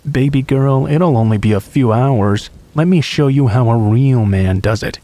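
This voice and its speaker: A man voicing a leering, predatory grown man in a narrated true story, speaking low and taunting. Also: normal speed, mellow, close to an everyday voice.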